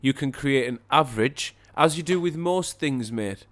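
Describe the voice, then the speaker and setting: A man's voice: mid-range voice, expressive, normal speed, fairly bright tone. A man co-hosting a podcast, chatting casually in a blunt, sweary, argumentative way. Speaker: podcast co-host. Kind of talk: casual chat.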